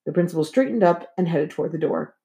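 A woman narrating a children's chapter book aloud in an expressive, storytelling manner. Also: lowish voice, fast talker, creaky. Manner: lively and expressive. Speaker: audiobook reader.

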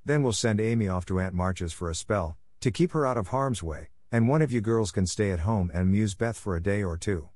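A man voicing a practical, motherly older housekeeper who speaks calmly and reassuringly in a storybook reading. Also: on the low side, a little fast, hardly any pauses, dry recording, studio quality, natural voice. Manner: calm and reassuring.

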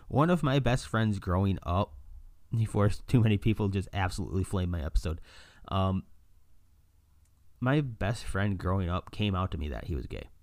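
Deep-voiced male podcaster, solo casual rant, lively storyteller who mimics people, dry sound. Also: normal speed, no room sound. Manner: animated storytelling, acts out quoted voices, laughs often. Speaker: podcast host. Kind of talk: casual monologue.

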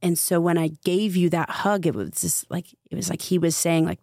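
Woman, spiritual coach as podcast guest; low, fry-edged voice, earnest storyteller, dry close sound. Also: level tone, brisk, darkish tone, no echo. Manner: earnest, heavy use of filler "like". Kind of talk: casual storytelling conversation.

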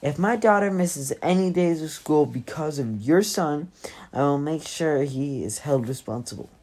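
A woman's voice: low-pitched, lively intonation, normal speed, dark tone, breathy edge. A woman reading the part of a haughty, angry mother in a storybook. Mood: scornful. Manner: accusing, scornful.

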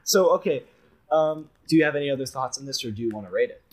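A man's voice: medium pitch, fast talker, low-quality recording. A young man co-hosting a podcast, chatting casually and rambling a bit as he reviews a movie. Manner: relaxed, rambling with fillers. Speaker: podcast co-host.

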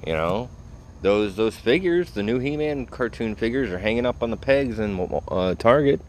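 A man's voice: mid-range voice, expressive, moderate pace, a little hiss or hum. A tired man rambling casually to his audience, laid-back and full of profanity. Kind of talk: casual rambling talk to camera.

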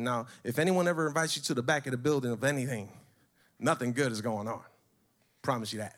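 A man telling a story in a brash, profane, animated way. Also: medium pitch, fast. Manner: brash, swearing, animated retelling.

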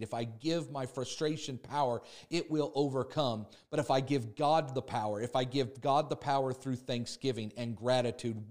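A man's voice: mid-range voice, a little mellow. A man preaching a sermon with emphatic, repetitive phrasing, acting out the complaints of his listeners. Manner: emphatic, repetitive preaching with voiced congregant laments. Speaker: pastor.

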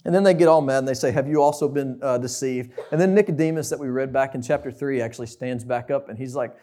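Young man, sermon, conversational, questioning, mellow tone, mid pitch. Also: quick pace, few pauses. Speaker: preacher.

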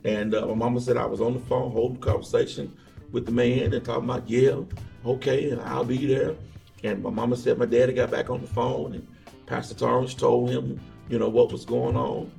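A man guesting as an evangelist on an interview, with a gravelly, fry-edged voice, telling stories from his life. He sits back from the microphone in an echoey room. Soft music plays faintly underneath. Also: mid-range voice, fairly quick, far from the mic. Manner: relaxed storyteller, acts out quoted voices. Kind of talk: casual interview storytelling.

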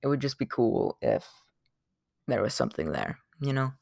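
A man's voice: medium pitch, big pitch swings, normal speed, creaky, a little mellow, dry recording, studio quality. A young man hosting a casual solo podcast, rambling with lots of fillers. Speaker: podcast host.

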